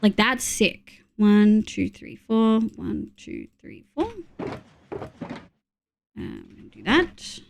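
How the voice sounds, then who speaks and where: A woman's voice: medium pitch, huge pitch swings, slow pace, vocal fry, pauses often, a little hiss or hum. A woman from Australia streaming a game, counting items under her breath between chatty asides to her viewers. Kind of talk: casual gameplay chat with chat readers.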